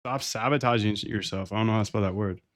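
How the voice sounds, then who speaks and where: A young man ranting casually on a livestream, excitable and profane, often calling listeners bro and dude. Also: fairly low pitch, quick pace. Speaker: trading streamer.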